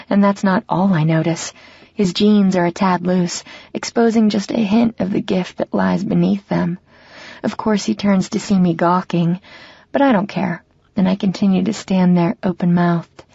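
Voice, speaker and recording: A woman's voice: fairly low pitch, steady tone, normal speed, gravelly, mellow, breathy edge, no echo. A woman reading a romance audiobook in an intimate first-person style, slightly muffled and dry. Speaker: audiobook narrator. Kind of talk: scripted narration of a romance novel.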